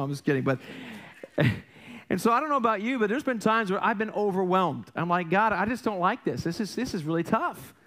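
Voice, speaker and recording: Chatty pastor with a higher voice. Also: male voice, a bit bright. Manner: conversational, self-deprecating, jokey storytelling; frequent restarts and rhetorical questions to the congregation. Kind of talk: sermon. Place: church sanctuary.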